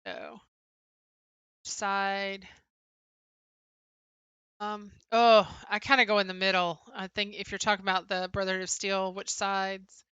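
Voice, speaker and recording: A woman's voice: mid-range voice, flat delivery, measured pace, pauses often, a bit bright, clean tone, dry recording, dull audio. A young woman co-hosting a livestream, casually chatting and answering viewers' comments with frequent "um" fillers. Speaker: livestream co-host.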